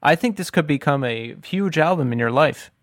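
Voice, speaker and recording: A man co-hosting a casual podcast, his voice sitting a little high for a man. He teases his partner and swears freely. The sound is dry and close, with no room echo. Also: animated, moderate pace. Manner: teasing, joking, swears freely. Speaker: podcast co-host.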